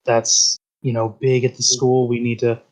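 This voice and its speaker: A man's voice: mid-range voice, completely flat delivery, normal speed. A man playing a tabletop game, talking hesitantly and rambling. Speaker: player. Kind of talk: tabletop role-play chat.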